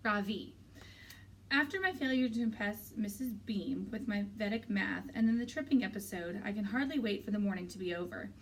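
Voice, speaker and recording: A woman teacher reading a children's novel aloud in a steady, clear storytelling way. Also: medium pitch, brisk, distant mic, slight background noise, rough recording.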